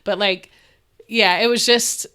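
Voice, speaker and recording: A woman from Dallas with a bright, crisp, smooth voice. She talks as an interview guest, earnest and animated, circling back with restarts as she tells personal stories. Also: medium pitch, slow. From Dallas, Texas. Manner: animated, earnest, laughs often, many restarts. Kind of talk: candid interview storytelling.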